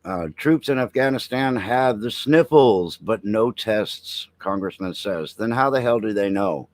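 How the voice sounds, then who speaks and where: A man's voice: on the low side, expressive, a little slow, no room sound, low-quality recording. A middle-aged man hosting a veteran's live stream, reading headlines and riffing bluntly with chat. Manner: blunt, joking, reads headlines then riffs, talks to chat. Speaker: veteran podcast host. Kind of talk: casual live-stream commentary.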